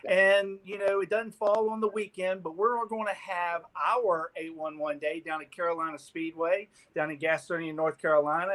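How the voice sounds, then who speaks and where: A man, a guest on a talk show, telling an animated story and acting out the people in it. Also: a little high. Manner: lively, laughing, acts out the people in his story. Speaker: guest sponsor representative.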